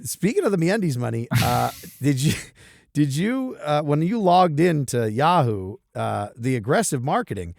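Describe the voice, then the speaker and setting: A man co-hosting a casual podcast, animated and playful, his pitch leaping around as he jokes. He laughs easily and riffs on whatever comes up. The sound is dry and close with no room to it. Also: moderate pace, gravelly, dry recording. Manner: animated, jokey, laughs often. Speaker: podcast co-host. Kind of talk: casual chat.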